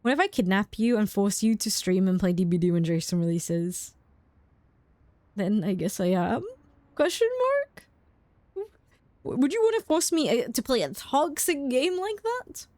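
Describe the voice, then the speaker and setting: A woman's voice: medium pitch, big pitch swings, measured pace, a little mellow, no echo. A young woman streamer chatting casually and playfully, giggling often as she reacts to chat.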